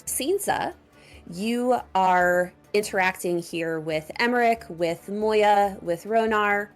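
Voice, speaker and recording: A woman running a tabletop game as game master, with measured storytelling narration. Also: medium pitch, faint music behind.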